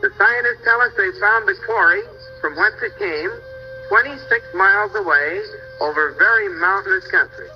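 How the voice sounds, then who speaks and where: An older man with a high voice narrates travel slides in a folksy, explaining way and now and then stumbles over place names. The recording is dull and lo-fi, with faint music underneath. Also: normal speed.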